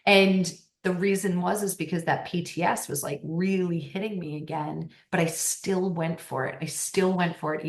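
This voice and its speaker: An animated woman talks candidly as a podcast guest, her lower voice swinging between hushed and emphatic. The room around her adds a noticeable echo. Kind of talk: casual conversational interview. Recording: roomy echo.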